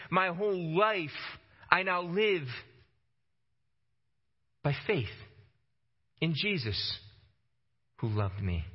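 Passionate male preacher, lo-fi sound. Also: husky. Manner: passionate, rising to emphatic peaks and dropping low for stress; repeats words when starting phrases. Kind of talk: sermon.

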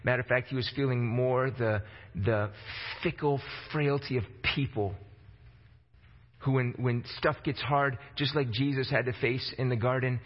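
A man with a mid-range voice preaches conversationally at a normal speed, his intonation fairly even, and he acts out quotes in a casual voice. The recording is dull and lo-fi, with long hall reverb.

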